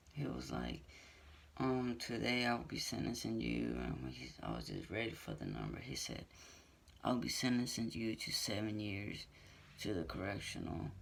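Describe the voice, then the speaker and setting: Gravelly, husky young man telling a story. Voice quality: gravelly low voice with heavy fry. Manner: loose, rambling, full of fillers like "so" and "blah, blah". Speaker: vlogger telling his story. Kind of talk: casual storytelling to camera.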